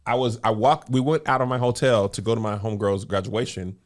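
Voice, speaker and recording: A man's voice: steady tone, fairly quick. A man hosting a casual comedy podcast, joking and playful with his co-hosts. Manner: playful, jumps into high put-on accents for laughs. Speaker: podcast host.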